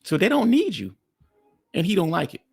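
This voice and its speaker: A man's voice: sits high, wildly swooping pitch, normal speed, gravelly, husky. A man hosting a reaction commentary, talking bluntly and mockingly to his viewers. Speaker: commentary host.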